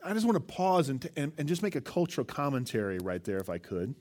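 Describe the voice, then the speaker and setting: A male pastor with a mid-range voice talks fast as he preaches a sermon. He tells stories with animation, acts out quotes, and puts questions to the congregation.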